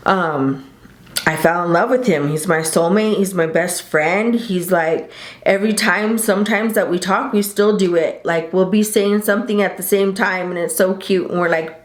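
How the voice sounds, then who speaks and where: A woman's voice: medium pitch, fairly even intonation, moderate pace. A woman in her thirties telling a rambling, chatty story to the camera, often correcting herself. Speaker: vlogger. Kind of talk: casual storytime chat. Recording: roomy home recording.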